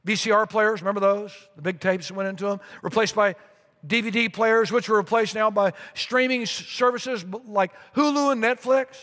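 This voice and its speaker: A middle-aged man preaching a sermon as pastor, telling a long story with repeated phrases and lively asides. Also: sits high, moderate pace. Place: church sanctuary. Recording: long reverb of a large sanctuary.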